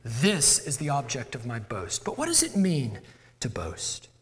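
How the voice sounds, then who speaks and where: A man's voice: medium pitch, huge pitch swings, a little slow, fairly bright tone. A male pastor preaching a sermon in a church, conversational and self-deprecating. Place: church sanctuary. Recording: long church hall reverb.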